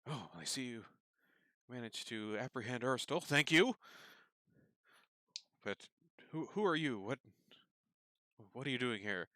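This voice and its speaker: A man's voice: mid-range voice, lively intonation, measured pace, pauses often, sharp tone, dry recording, studio quality. A man voicing a cowering, nervous, well-dressed nobleman who stammers and pleads.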